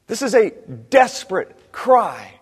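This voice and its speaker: A man preaching a sermon as pastor, animated, acting out cries of the people he describes. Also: high voice, takes it slowly, slightly rough, in a large hall.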